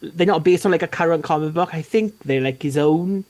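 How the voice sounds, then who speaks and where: A man's voice: a little high, a little fast, darkish tone. A man co-hosting a casual live chat, rambling with lots of fillers. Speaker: co-host guest.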